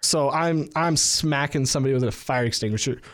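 A man's voice: mid-range voice, brisk. A man co-hosting a podcast in casual, joking banter, acting out quotes as he tells stories. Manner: animated, jokey, acts out quotes. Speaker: podcast co-host.

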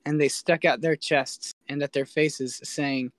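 A man reading an ancient religious text aloud in a solemn, measured way. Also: on the high side, steady tone, no echo. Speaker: host reading ancient texts. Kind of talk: scripted scripture reading.

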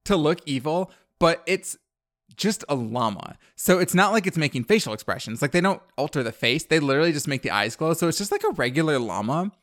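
A man's voice: fairly high pitch, very animated, fairly quick, fairly bright tone, no room sound, studio quality. A young man co-hosting a podcast, recapping a movie in rambling casual chat full of "like" and laughter. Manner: rambling, filler-heavy, laughing often. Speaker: podcast co-host.

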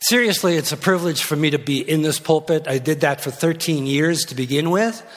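A man's voice: on the high side, brisk. An older man, a guest pastor, preaching a sermon from the pulpit of a church with teasing jokes and asides. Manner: jokey and teasing, with restarts and asides. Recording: long hall reverb in a church.

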